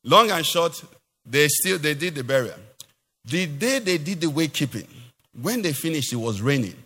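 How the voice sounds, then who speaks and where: Pastor preaching in an echoey hall. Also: male voice, fairly high pitch, moderate pace, husky. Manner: animated preaching with rhetorical questions to the congregation. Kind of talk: sermon.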